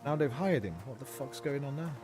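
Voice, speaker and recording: A man's voice: mid-range voice, fairly quick, over music. A man giving casual, profane, rambling commentary as he streams a game.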